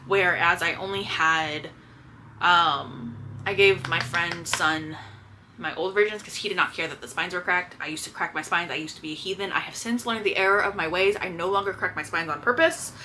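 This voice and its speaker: Bright-voiced chatty woman in her late twenties. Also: fairly low pitch, moderate pace, slight background noise. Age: late 20s. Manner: chatty, gushing, self-correcting. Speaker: book vlogger. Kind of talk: casual chat to camera.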